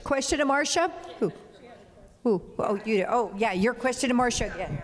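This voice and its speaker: An older woman with a slightly high voice moderates a panel, chatty and playful as she teases her guests with questions. Her voice carries long reverb from a large event hall. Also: lively intonation, moderate pace. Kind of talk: casual moderated panel chat.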